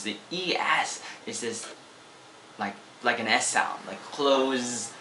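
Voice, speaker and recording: A young American man talks through a casual English lesson, rambling and playful and often repeating himself as he goes. His voice sounds bright and clear, with a roomy echo around it and a faint hum behind. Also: medium pitch, takes it slowly. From Oregon, USA. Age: 20s. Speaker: English teacher. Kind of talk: casual teaching vlog.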